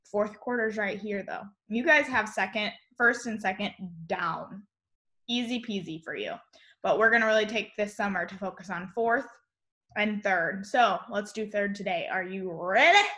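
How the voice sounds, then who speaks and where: A woman teacher giving a cheerful online lesson to young children, spelling words out slowly in a sing-song voice over a computer mic. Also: medium pitch, bright, forceful tone. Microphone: computer mic on a video call.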